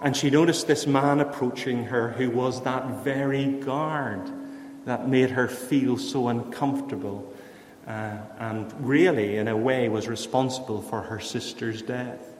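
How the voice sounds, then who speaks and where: A man preaching a sermon in an earnest way. He lifts his voice for emphasis and then drops to a hushed voice to tell a story. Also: mid-range voice, fairly even intonation, unhurried, slight background noise. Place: church. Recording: echoey church hall.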